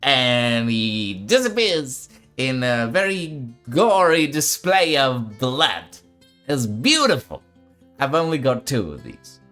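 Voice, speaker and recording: A man's voice: mid-range voice, sing-song, fairly bright tone, faint music behind, voice pushed up. A man putting on a gleeful old arrow merchant. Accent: wobbly put-on accent of no fixed place. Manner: drawn-out, sing-song, relishing his wares.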